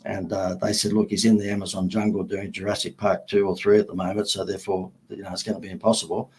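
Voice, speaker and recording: A middle-aged man with an Australian accent spins anecdotes as an interview guest, acting out each exchange. His voice sits fairly low and has a husky, slightly breathy grain. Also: quick pace, rough recording. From Sydney, Australia. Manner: animated storyteller who acts out quoted dialogue and laughs at his own anecdotes. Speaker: guest, marketing agency founder. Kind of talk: storytelling in an interview.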